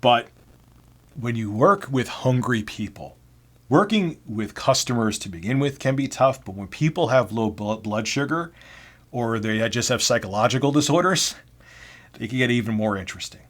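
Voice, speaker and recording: A man's voice: mid-range voice, animated, normal speed, fairly bright tone. A man telling personal work stories to camera in a casual, blunt, self-deprecating way. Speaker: vlogger. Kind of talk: casual storytelling.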